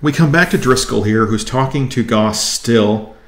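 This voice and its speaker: An enthusiastic man reviews his new comics in a casual, chatty way. His voice sits at an ordinary middle pitch. A noticeable room echo surrounds it. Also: moderate pace. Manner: enthusiastic, excitable.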